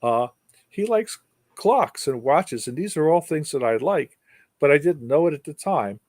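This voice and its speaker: A man's voice: a little high, expressive, unhurried, a little mellow, dry recording, clean studio sound. An older man telling a long story with wry humor and emphatic repetition, as a guest speaker. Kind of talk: storytelling in an interview.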